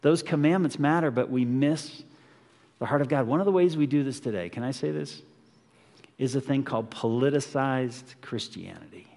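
A male pastor preaches in a relaxed, conversational way, pressing his points with rhetorical questions. His voice sits at an ordinary pitch and rings out with a long hall reverb, as if in a large church sanctuary. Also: moderate pace, gravelly. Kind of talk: sermon.

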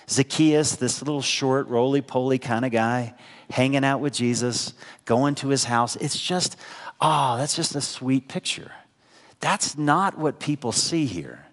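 A pastor with a head cold preaches in a church sanctuary, talking conversationally and putting rhetorical questions to the congregation. His mid-range voice has lively intonation and an unhurried pace, echoing in the large hall.

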